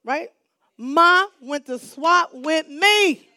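High, bright-voiced woman preaching. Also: animated, extremely slow, dry recording. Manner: call-and-response preaching, swinging from hushed to shouting; repetitive, emphatic phrasing. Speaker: pastor. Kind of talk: sermon.

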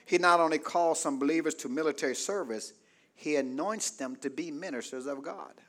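A man pastor a sermon with call-and-response, swinging from loud exclaims to soft asides. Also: fairly high pitch, normal speed.

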